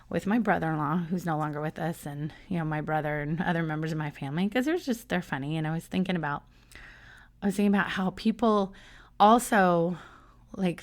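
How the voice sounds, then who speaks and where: A middle-aged woman hosting a solo podcast, talking casually in a chatty, self-mocking way and laughing often. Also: lowish voice. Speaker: podcast host.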